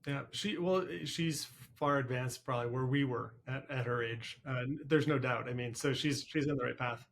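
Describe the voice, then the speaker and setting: A man hosting a podcast interview, asking questions in a relaxed, conversational way. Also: mid-range voice, moderate pace, hardly any pauses, slight background noise. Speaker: podcast host.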